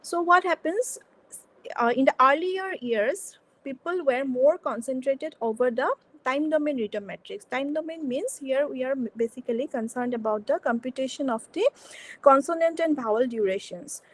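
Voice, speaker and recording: Woman lecturer, high voice, hesitant academic delivery with many fillers. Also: normal speed, low-quality recording. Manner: hesitant, repeats words and restarts often. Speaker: workshop lecturer.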